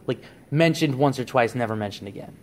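A male podcast co-host casually lays out a plot idea, rambling along with frequent restarts and plenty of "like." His mid-range voice moves a little fast, over a faint hiss or hum.

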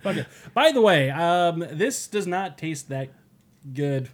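Podcast guy, kinda high voice, swears a lot, loose and jokey. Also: lively intonation, slow. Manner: loose, profane, laughing. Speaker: podcast co-host. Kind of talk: casual podcast banter.

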